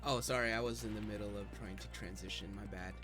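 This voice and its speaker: A man's voice: lowish voice, fairly even intonation, quick pace. An Australian man commentating an esports stream in a dry, laid-back way, over background music.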